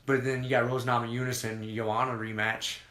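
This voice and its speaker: A man chatting on a podcast in a casual, profane, excited ramble. His voice is bright and forceful, and the room has a noticeable echo. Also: mid-range voice, fairly quick. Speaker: podcast co-host. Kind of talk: casual chat.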